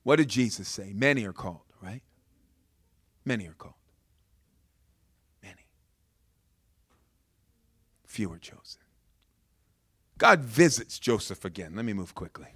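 Bright-toned preacher, dry close sound. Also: male voice, lowish voice, lively intonation, unhurried, pauses often, husky, no room sound. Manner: swings from hushed to shouting, storytelling. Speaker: pastor. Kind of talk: sermon.

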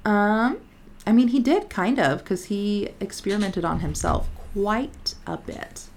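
A woman's voice: mid-range voice, expressive, measured pace, a little mellow, a little hiss or hum. A woman co-hosting a podcast in casual chat, talking in a rambling, chatty way and often saying "like". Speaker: podcast co-host.

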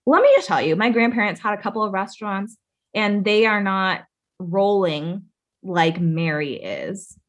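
A woman's voice: medium pitch, animated, moderate pace. A woman co-hosting a casual chat, talking indignantly with lots of fillers and swearing. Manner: indignant, profane, filler-heavy talk.

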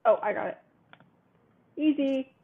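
Higher-voiced woman on a tinny line. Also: unhurried. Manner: laughs often, reads questions aloud. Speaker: co-host. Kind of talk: casual quiz chat. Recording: tinny phone-like sound.

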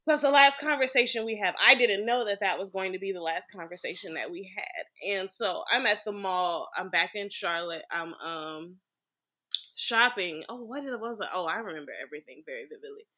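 A woman's voice: mid-range voice, a little fast, pushed and bright. A woman guest on a podcast, telling a personal story in a blunt, frank way and swearing freely.

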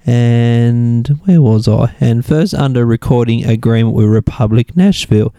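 Hosting a laid-back radio music show, a man with an Australian accent speaks at a measured pace in a smooth, dark, medium-pitched voice with no echo. He rambles and thinks out loud as he looks things up online between tracks.

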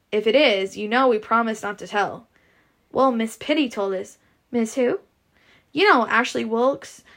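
A woman's voice: fairly high pitch, lightly acted. A woman reading a story aloud and voicing eager young male twin suitors in a boyish, pleading manner.

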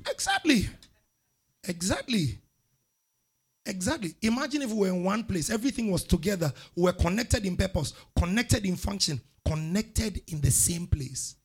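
A man, a pastor preaching a sermon with call-and-response to his congregation and loud exhortations. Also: sits high, expressive, normal speed, breathy edge.

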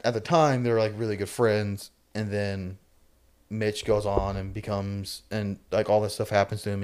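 Male podcast co-host, lowish voice, casual chat that rambles and restarts. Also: darkish tone, smooth. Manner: chatty, rambling explanations with many restarts. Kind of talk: casual chat about acting.

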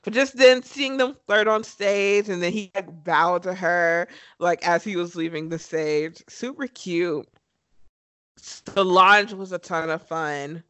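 Gushing, excitable woman in dry sound. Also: lowish voice, slow, smooth, dry recording. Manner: enthusiastic, gushing, emphatic. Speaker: podcast co-host. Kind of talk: casual chat.

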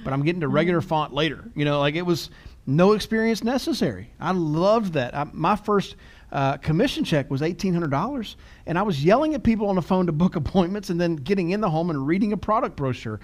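A middle-aged man with a fairly high voice, co-hosting a casual podcast. He tells stories at his own expense and laughs often as he goes. His talk is loose and conversational. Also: lively intonation, brisk. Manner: self-deprecating storyteller, laughs often. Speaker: podcast co-host.

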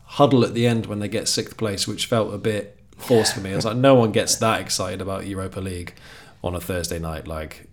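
A man with a fairly low voice, chatting as a podcast guest. He slips in dry, wry remarks as he talks. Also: a little fast, few pauses. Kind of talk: casual chat.

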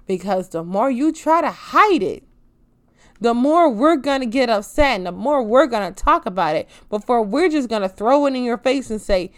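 A woman delivers an impassioned, profanity-laced rant as a show host. Her slightly high voice leaps even higher when she's angry, then drops low and quiet when she turns sarcastic. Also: normal speed. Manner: heated, profane, swings loud and pitch-jumping.

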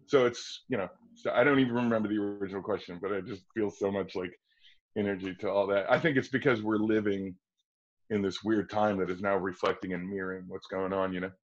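A man in his forties from Wisconsin, an actor telling stories in a casual interview and acting out quotes in a high excited voice. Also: a little fast. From Wisconsin, USA. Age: 40s. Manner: animated storyteller, acts out quotes in a high excited voice. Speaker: actor guest. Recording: dull lo-fi audio.

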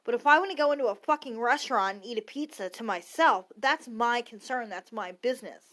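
A fairly high-voiced woman in her thirties rants on her own podcast. She is blunt and swears freely, wandering off into side tangents as she talks. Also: a little fast, a bit bright. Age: 30s. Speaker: podcast host. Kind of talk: casual opinion rant.

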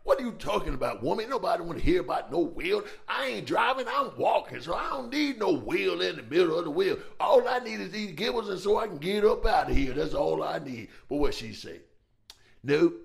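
A man playing a brash, streetwise, defiant man who talks loud, boastful and full of slang in a comedy sketch. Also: high-pitched, sing-song, brisk, vocal fry, husky, exaggerated voice.

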